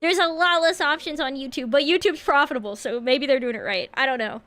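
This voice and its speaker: She's a streamer with a high, slightly bright voice who talks fairly quickly. Chatting casually and greeting her viewers, she's giggly and bubbly and tosses in playful meows.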